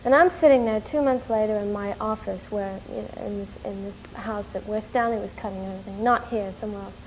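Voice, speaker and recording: A woman from New York telling a story in an interview, animated and rushing, with many fillers. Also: medium pitch, slight background noise, low-quality recording. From New York, USA. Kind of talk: casual storytelling.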